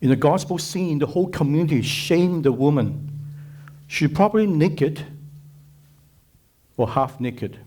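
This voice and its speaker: A man's voice: fairly high pitch, lively intonation, unhurried, long pauses, warm tone. A man giving a sermon at a conference, preaching emphatically with repetition and rhetorical questions. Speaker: speaker at a conference.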